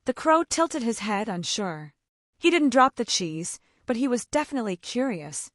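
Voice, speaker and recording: A woman storyteller narrating a children's fable with a scripted, gently dramatic reading. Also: a little high, very animated, moderate pace, dry recording, studio quality.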